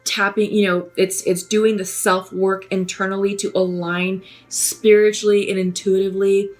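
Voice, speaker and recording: Woman, tarot reader, gentle musing delivery, mid pitch, soft music underneath. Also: flat delivery, normal speed. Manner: musing, gentle, hesitant with fillers. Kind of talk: spoken tarot reading to camera.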